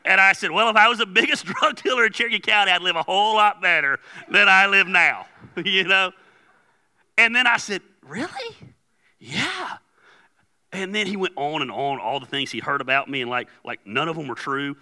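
A man's voice: high-pitched, a little fast, pushed and bright. A male pastor preaching in a loose, conversational way, telling stories and acting out the dialogue. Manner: conversational storytelling with laughs and quoted dialogue. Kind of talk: sermon.

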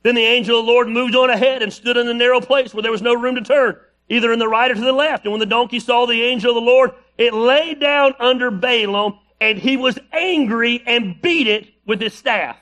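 A man's voice: very high voice, brisk, hardly any pauses, bright, forceful tone. A male pastor preaching a sermon, reading scripture aloud with playful, joking asides.

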